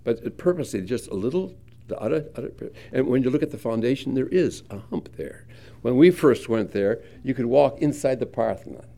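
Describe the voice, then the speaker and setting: Warm, lively male preacher. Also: mid-range voice, vocal fry. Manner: animated, conversational storytelling with emphatic rises. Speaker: pastor teaching the Bible. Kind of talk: expository Bible teaching sermon.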